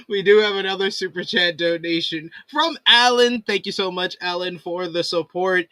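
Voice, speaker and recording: A man's voice: high voice, measured pace, bright, forceful tone, no echo. A man co-hosting a casual wrestling preview show, wry and sarcastic, laughing often. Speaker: podcast co-host.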